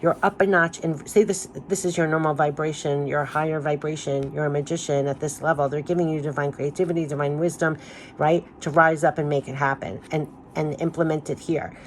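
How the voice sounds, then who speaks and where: A tarot card reader gives an emotional spiritual reading, gushing and emphatic, repeating phrases as her voice gives out. She speaks fairly quickly in a low voice with fairly even intonation, over slight background noise.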